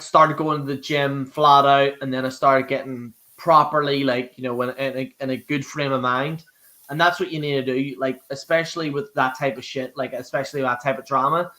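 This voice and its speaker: A man's voice: mid-range voice, level tone, moderate pace, pushed and bright. A young Irish man hosting a live stream, rambling casually and swearing, with frequent restarts. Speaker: host.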